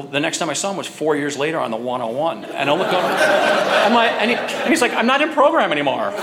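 Man, personal testimony at a group meeting, rambling and halting, average pitch. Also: fairly bright tone, slight background noise. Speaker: speaker sharing at a recovery meeting.

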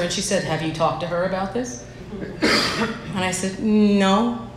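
A woman giving a personal recovery share at a meeting, candid and self-deprecating in how she tells her story. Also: fairly low pitch. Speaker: speaker sharing at a recovery meeting. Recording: echoey room, faint background noise.

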